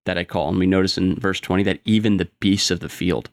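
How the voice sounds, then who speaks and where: Casting: deep, gravelly male voice, dry close sound, patient scripture teacher. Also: fast talker, dry recording. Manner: steady teaching tone with filler ums. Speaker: Bible study co-host. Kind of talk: explaining scripture.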